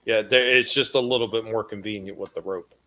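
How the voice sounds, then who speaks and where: A man's voice: on the low side, fairly even intonation, brisk, pushed and bright. A man in a casual movie review chat, comparing details between films with some hesitation.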